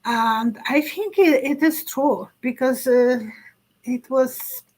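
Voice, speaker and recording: Husky, halting middle-aged woman psychic. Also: high-pitched, a little mellow, low-quality recording. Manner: halting, searching for words, laughs often. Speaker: psychic host. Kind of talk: casual live-stream chat.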